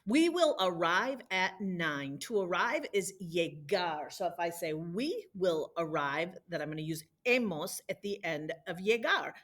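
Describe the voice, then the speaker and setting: A woman's voice: lowish voice, animated, a little slow, few pauses, a bit bright. A woman teaching a recorded language lesson, explaining patiently step by step and leading repetition drills. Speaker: Spanish teacher.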